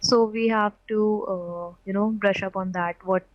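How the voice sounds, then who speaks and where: A woman's voice: medium pitch, steady tone, measured pace, dry recording, lo-fi sound. A woman student asking questions in an online class, hesitant, with many fillers.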